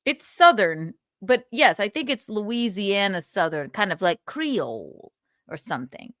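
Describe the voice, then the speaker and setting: A woman's voice: medium pitch, big pitch swings, a little slow, fairly bright tone, dry recording, clean studio sound. A woman hosting a livestream, chatting casually and giggling as she reacts to a clip. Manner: giggly, musing aloud. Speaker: livestream host.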